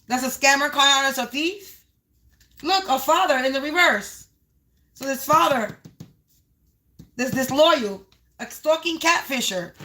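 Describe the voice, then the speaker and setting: Female tarot reader on a livestream; high-pitched, bright tone, repetitive rhyming delivery aimed at the collective. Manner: repetitive, half-rhyming, talks to the viewers as the collective.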